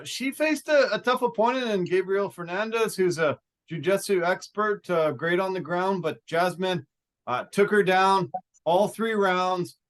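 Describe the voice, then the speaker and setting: A man with a high-sitting voice co-hosts a sports podcast, chatting casually in an animated, laughing manner and mimicking fighters along the way.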